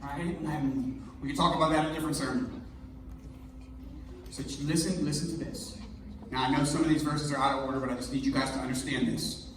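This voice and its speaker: A male pastor preaching a sermon in an energetic, conversational, jokey way, recorded in a church hall. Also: medium pitch, brisk, long pauses, background noise. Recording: echoey hall, mic far off.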